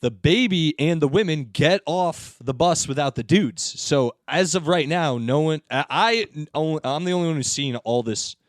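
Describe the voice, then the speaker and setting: A man's voice: moderate pace, few pauses, dry recording, clean studio sound. A man hosting a podcast, telling a story in a casual chat and acting out the people in it with big jumps in his voice. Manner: animated storyteller, acts out quoted people with big pitch jumps. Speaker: podcast host.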